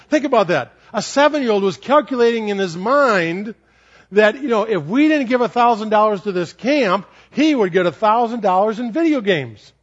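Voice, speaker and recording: A male pastor tells stories during a sermon in a fairly high voice. He is animated and repeats words for effect. The recording sounds dull and lo-fi. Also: normal speed. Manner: animated, repetitive. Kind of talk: sermon storytelling.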